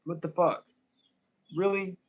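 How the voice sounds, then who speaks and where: A man with a fairly high voice giving a loose, casual tarot reading straight to his viewers. He rants freely and swears often as he talks. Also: little pitch movement, slow, rough recording. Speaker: tarot reader.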